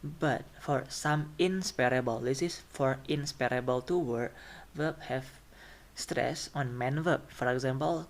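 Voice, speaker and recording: A man's voice: mid-range voice, measured pace. A man lecturing on phonetics, listing example words and often checking in with the class. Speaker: phonetics teacher.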